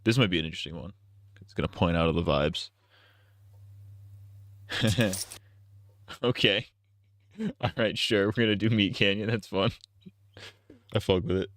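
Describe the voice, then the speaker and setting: A man's voice: sits low, measured pace, pauses often, a bit bright, dry recording. A man hosting a casual live stream, reacting to a video and cracking goofy, crude jokes between comments. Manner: joking, goofy asides and crude banter.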